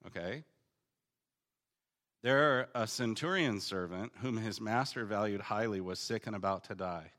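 Teaching on the Gospel of Luke, a preacher works through the passage casually and conversationally, paraphrasing it in slangy voices. He swings between emphatic bursts and quiet reading, in a lowish voice.

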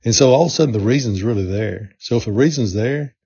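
Husky, mellow-voiced man coaching on a podcast. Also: medium pitch, fast, dry recording. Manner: earnest, repetitive coaching delivery. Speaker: podcast host. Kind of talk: motivational podcast talk. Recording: dull lo-fi sound.

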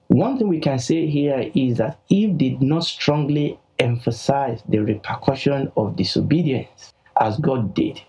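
Man, bible teacher, emphatic, husky voice, mid pitch. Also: mellow, rough recording. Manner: emphatic, repeats key phrases.

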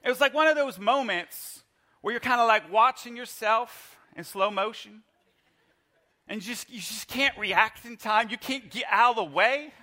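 A middle-aged man preaching a sermon in church, telling a lively personal story and leading the congregation in call-and-response. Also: very high-pitched, normal speed. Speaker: pastor. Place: church service.

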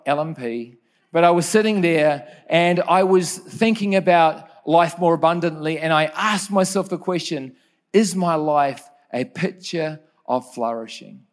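A man preaching a sermon, earnest and personal, telling stories and correcting himself with quick asides. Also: high voice. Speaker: pastor.

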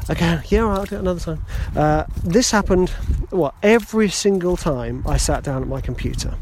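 A man's voice: fairly high pitch, a little fast, a little mellow, slight background noise. Chatty British man hosting a podcast. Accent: British English. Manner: rambling, chatty, self-deprecating storyteller. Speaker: podcast host. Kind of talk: casual solo podcast monologue.

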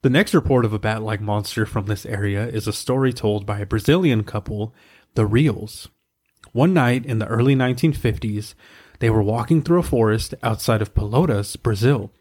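Man, podcast co-host, steady reading, wry asides, mid-pitched voice. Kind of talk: reading research aloud, casual chat.

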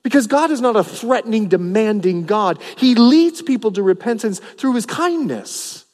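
Brief: lively male pastor, high voice, preaching with big swings, long church reverb. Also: normal speed. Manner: animated, acts out the people he preaches about, voice rising and dropping. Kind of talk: sermon. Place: church sanctuary.

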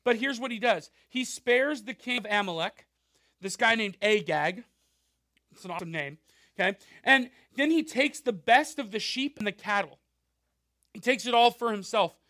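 High-voiced, animated male preacher. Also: normal speed, no echo, clean studio sound. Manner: animated, with frequent asides and rhetorical questions. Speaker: pastor. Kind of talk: conversational sermon.

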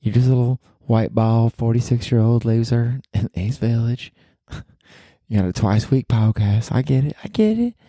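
A man's voice: medium pitch, lively intonation, moderate pace, mellow, no echo, studio quality, voice pushed up. A man voicing a teasing Southern girlfriend with a put-on US Southern accent who sweetly calls him honey. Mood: chiding. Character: sassy Southern girlfriend, young woman, teasing and doting.

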